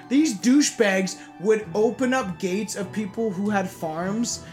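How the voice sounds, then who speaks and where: A man's voice: sits high, slow, a little mellow, soft background music. A man in his thirties hosting a casual podcast, telling stories and reading out facts with lots of swearing and laughter. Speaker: podcast host.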